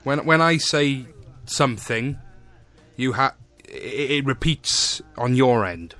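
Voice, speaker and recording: A man's voice: medium pitch, animated, takes it slowly, fairly bright tone, no echo, soft background music. A man hosting a casual podcast, full of cheeky, teasing banter with his guest on a call. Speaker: podcast host.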